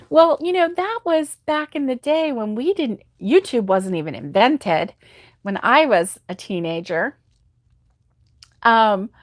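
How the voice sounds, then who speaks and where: Slow-talking chatty woman crochet host. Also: fairly high pitch, no room sound, studio quality. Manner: chatty, sympathetic, laughs often. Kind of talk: casual live chat reading viewer comments.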